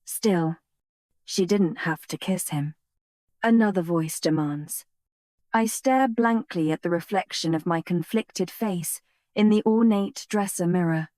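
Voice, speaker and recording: A woman reads a first-person romance audiobook at an unhurried pace. Her voice is mellow and close, and the recording is dry with no room sound. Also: lowish voice, no echo. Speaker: audiobook narrator.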